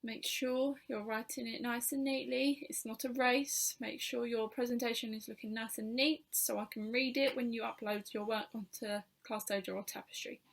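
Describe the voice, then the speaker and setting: A woman teaching a phonics lesson to young children, sounding out each letter slowly and clearly with patient encouragement. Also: fairly high pitch, fairly even intonation. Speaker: primary school teacher.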